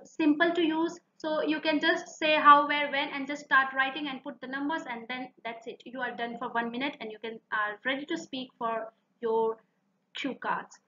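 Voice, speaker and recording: Woman, Indian English accent, high bright voice, earnest tutor, echoey slightly dull recording. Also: slight background noise. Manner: earnest, repeats advice for emphasis. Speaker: IELTS speaking tutor. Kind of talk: instructional video lesson.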